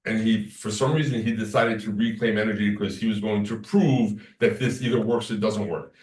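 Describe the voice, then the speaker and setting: A man's voice: on the low side, fairly even intonation, fairly quick, darkish tone. A man giving a casual lecture to a class, telling stories and acting out what people said. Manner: rambling storyteller, acts out quoted talk. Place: class room. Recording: echoey room from far off.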